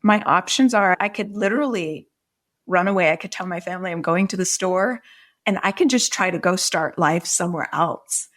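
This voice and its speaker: A woman's voice: on the low side, moderate pace, fairly bright tone. A middle-aged woman, a podcast guest, earnestly retelling a personal story in vivid detail.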